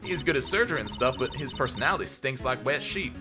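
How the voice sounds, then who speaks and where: A man's voice: medium pitch, lively intonation, fast, music in the background, natural voice. A man voicing a brash young woman photographer in a put-on American Southern accent while reading game dialogue aloud, folksy and blunt.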